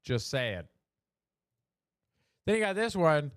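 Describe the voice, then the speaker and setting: A man's voice: medium pitch, sing-song, measured pace, long pauses, dry recording, studio quality. A man hosting a casual live show, joking about memes in a chatty way and laughing at his own jokes. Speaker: show host.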